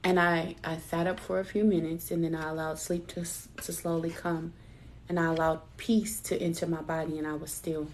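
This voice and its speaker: A middle-aged woman with a lowish voice talks through a live spiritual reading. She speaks like she is chatting with a friend, personal and easygoing, and often laughs at herself. A faint hum of background noise sits under her voice. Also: flat delivery, moderate pace. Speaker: intuitive card reader.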